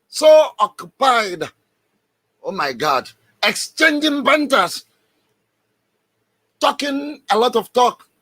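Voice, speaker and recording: High-voiced man giving a fervent radio address. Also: sharp tone, no echo. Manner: emphatic, repetitive and exhorting, with sudden raised outbursts. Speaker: radio broadcaster. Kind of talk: impassioned broadcast address.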